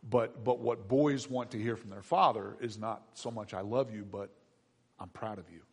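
Husky-voiced man preaching in a reverberant hall. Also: fairly low pitch, normal speed. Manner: conversational preaching with soft asides and warm quoted lines. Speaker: pastor. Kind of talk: sermon. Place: church sanctuary.

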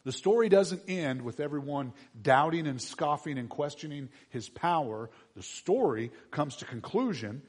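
A man preaching a conversational sermon and reading scripture aloud, dropping to quiet asides and then rising to loud, emphatic bursts. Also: fairly high pitch, expressive, moderate pace, hardly any pauses, husky. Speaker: pastor.

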